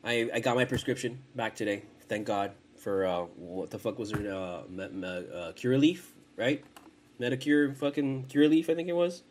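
A man's voice: mid-range voice, animated, normal speed, a little mellow, slight background noise. A young man hosting a casual podcast from his home, rambling and cursing, with many false starts. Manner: profane, rambling, frequent restarts. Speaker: podcast host.

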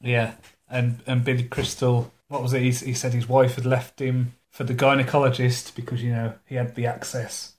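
A man's voice: mid-range voice, little pitch movement, normal speed. A man, co-hosting a casual podcast, joking sarcastically about a TV episode and swearing freely. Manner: sarcastic, sweary, laughs often. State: recovering from an ear infection. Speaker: podcast co-host.

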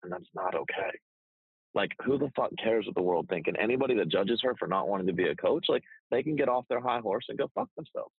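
A man talking casually as a business coach, blunt and profane, telling stories with animated energy. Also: lowish voice, quick pace, gravelly, slightly rough, no room sound, narrow, tinny audio. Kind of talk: casual podcast chat.

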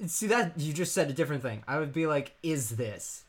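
A man's voice: on the high side, lively intonation, a little fast, breathy edge. A man in casual comedic chat with a friend, laughing often and acting out imagined conversations.

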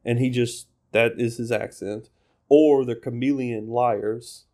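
A man's voice: mid-range voice, fairly even intonation, slow pace, warm tone. A man from the South, an opinionated, blunt co-host in casual chat. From American South. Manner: opinionated, blunt, puts on mocking voices.

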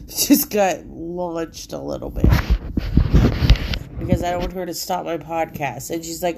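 A woman's voice: low-pitched, a little slow, creaky, long pauses, heavy background noise. A woman hosting her own podcast from home, rambling in a casual, profanity-laced monologue full of "like," her nose congested. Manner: profane, rambling, heavy filler "like". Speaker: solo podcast host.

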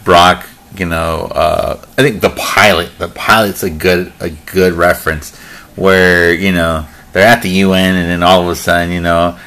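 Low-voiced man chatting casually. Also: flat delivery, normal speed, fairly bright tone. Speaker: movie reviewer. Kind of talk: casual movie discussion.

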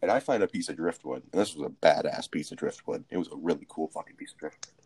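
A man's voice: very deep voice, quick pace, darkish tone, husky. A young man co-hosting a podcast, telling a rambling, profane story in casual chat. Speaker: podcast co-host.

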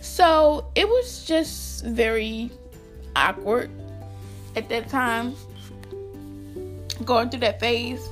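A woman's voice: a little high, drawn-out words, pauses often, soft background music. A young woman chatting to her viewers in a casual storytime vlog, talking to them directly and laughing often. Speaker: vlogger.

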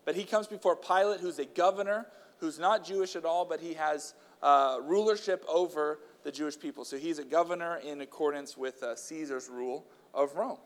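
A man's voice: on the high side, normal speed, hardly any pauses, long reverb tail. A man preaching a sermon, chatting casually with fillers between stretches of emphatic scripture reading aloud.

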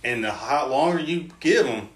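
A man's voice: on the high side, normal speed. A man, an army veteran, telling stories in casual chat and acting out what others said to him. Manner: lively storyteller, quotes others in his tales. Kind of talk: casual storytelling. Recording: roomy echoing room.

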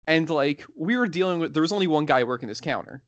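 A man's voice: on the high side, animated, fast, dry recording, highs cut off. A young man co-hosting a podcast, telling a story casually and rambling with lots of "like" and "you know". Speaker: podcast co-host.

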